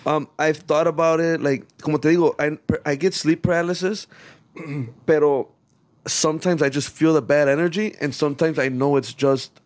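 A man's voice: a little high, fairly even intonation, moderate pace. Rambling man in loose chat. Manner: rambling, many restarts, mixes Spanish slang and swearing. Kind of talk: casual chat.

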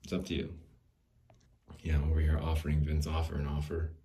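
A man's voice: a bass voice, monotone, fairly quick, dark tone, a little hiss or hum. A man in his forties hosting a podcast, talking in a rambling, jokey monologue and laughing often. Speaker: podcast host.

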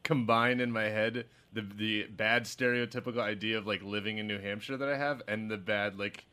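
A man co-hosting a podcast in casual chat, animated, laughing often and filling his talk with "like". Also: lowish voice, moderate pace, smooth. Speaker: podcast co-host.

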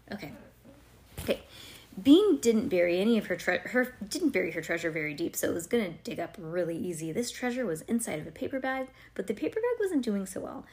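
A woman's voice: mid-range voice, darkish tone. Chatty woman reading a storybook aloud. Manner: conversational, quizzes the listener, digresses with "like" and "um".

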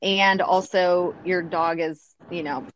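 A woman co-hosting a podcast, recapping an episode in relaxed casual chat, with many fillers. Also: lowish voice, slow, highs cut off, slight background noise. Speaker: podcast co-host.

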